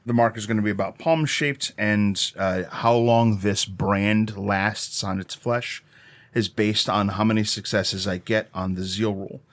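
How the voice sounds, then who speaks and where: A man with a fairly low voice plays a tabletop horror game. He talks eagerly through his rolls and rules, swearing casually. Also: fairly even intonation, unhurried. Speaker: player.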